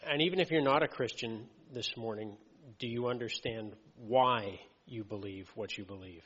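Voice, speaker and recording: A man's voice: fairly low pitch, moderate pace, a bit bright, husky. Casual conversational preacher man, roomy hall. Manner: conversational, frequent fillers and checks like "okay" and "right". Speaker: lay preacher. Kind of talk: sermon. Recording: muffled audio with long hall reverb.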